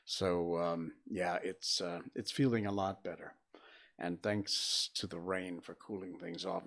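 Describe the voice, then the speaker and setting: A man's voice: low voice, steady tone, a little slow, vocal fry, a bit bright. An older man from Connecticut, hosting a casual solo livestream from his home studio, chatty and rambling with frequent fillers and restarts. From Connecticut, USA. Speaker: livestream host.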